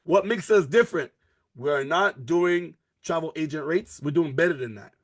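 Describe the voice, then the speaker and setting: A man's voice: moderate pace, no echo. A man giving a live online sales presentation for a network marketing business, pushing hard and repeating his key lines. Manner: energetic, pushy sales pitch with repeated phrases. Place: at a computer, sharing his screen in a live video call.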